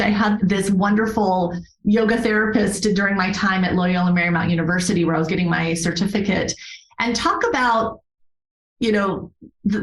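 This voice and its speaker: Earnest woman storyteller, roomy echo. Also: mid-range voice. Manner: earnest and animated, laughs often, emphatic repetitions. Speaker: guest, yoga therapist. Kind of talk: conversational interview storytelling.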